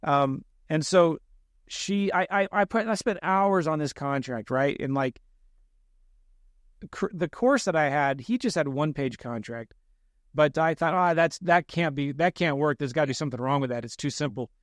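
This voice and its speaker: Animated, self-mocking man telling a story. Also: on the high side, moderate pace, no echo, clean studio sound. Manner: animated, self-deprecating storyteller who acts out quoted lines. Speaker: real estate investor guest. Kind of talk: storytelling in a podcast interview.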